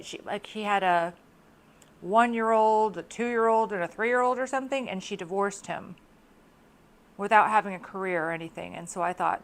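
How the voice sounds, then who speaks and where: A middle-aged woman vlogger chatting to camera in a casual, expressive monologue, laughing often. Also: medium pitch.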